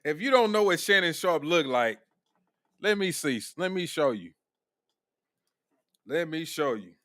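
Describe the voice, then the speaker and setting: A man's voice: a little high, lively intonation, unhurried, sharp tone, no room sound, studio quality. A man hosting a casual reaction commentary, blunt and profane, laughing often. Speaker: commentary host.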